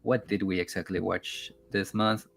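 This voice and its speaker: A man hosting a casual film podcast, chatty and relaxed, laughing often. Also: low voice, moderate pace, vocal fry. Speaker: podcast host.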